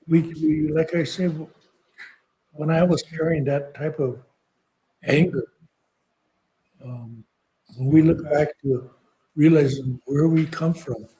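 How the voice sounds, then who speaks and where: Soft-spoken older man, mellow voice. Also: a little high, poor audio. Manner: slow, halting, soft-spoken. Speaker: podcast guest speaker. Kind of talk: reflective personal storytelling.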